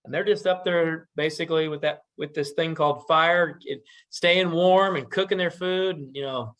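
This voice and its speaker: A man voicing a wise old grandmother, gently explaining. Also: on the high side, steady tone, normal speed, lightly acted.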